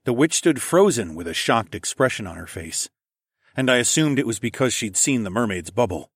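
A man's voice: medium pitch, lively intonation, moderate pace, breathy edge, no echo, studio quality. A man narrating a fantasy story in first person, reading steadily. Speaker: audiobook narrator.

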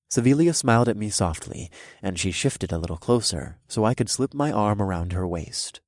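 A man reading a first-person fantasy story aloud, with expressive narration. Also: fairly low pitch, moderate pace, hardly any pauses, no echo, studio quality. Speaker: audiobook narrator.

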